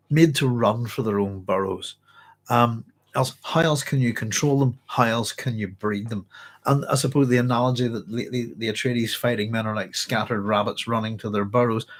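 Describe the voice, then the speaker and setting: A hoarse man hosting a book club, chatting casually and reading passages aloud with rambling self-corrections. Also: mid-range voice. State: hoarse, clearing his throat.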